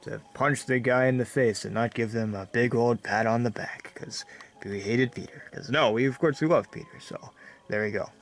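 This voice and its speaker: Guy doing a shady cult member, mumbly and low, comedy skit. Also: normal speed, natural voice. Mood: shifty. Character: shifty male secret-society member.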